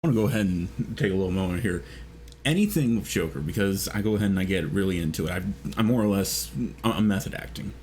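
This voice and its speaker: A man, a guest voice actor, chatting in a casual commentary, quick and stammering. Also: sits low, expressive, darkish tone, slight background noise.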